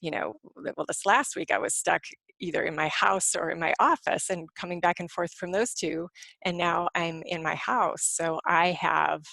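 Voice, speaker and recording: A middle-aged woman counselor speaking at home in a lowish voice. She talks fast and rambles, with plenty of ums and restarts, in a relaxed webinar style. The sound is close and dry, with no room echo. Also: vocal fry. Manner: fast, rambling conversational delivery with fillers. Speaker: clinical social worker and spiritual counselor. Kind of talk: live webinar talk.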